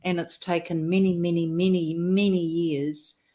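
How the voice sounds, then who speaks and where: A woman speaking as a guest in a conversation, in a deliberate and affirming way. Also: lowish voice, level tone, mellow. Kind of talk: conversational interview.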